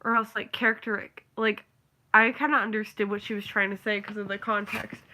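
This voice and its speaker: Young woman vlogger, bright sharp tone, rambling chatty delivery with lots of fillers. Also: mid-range voice, little pitch movement, brisk. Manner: rambling, filler-heavy, ranting. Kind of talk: casual chat.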